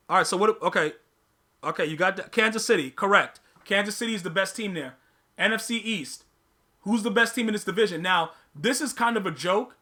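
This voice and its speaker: A man's voice: sits high, pushed and bright. A man hosting a live podcast stream, chatting casually with his viewers, using slang, repeating himself and teasing the chat.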